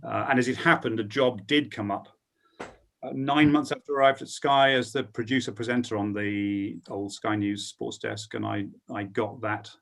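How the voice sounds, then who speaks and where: Sharing anecdotes about his broadcasting career on a panel, this middle-aged sportscaster hesitates often, filling gaps with ums. He speaks at a moderate pace in a fairly low, creaky, fairly bright voice with fairly even intonation.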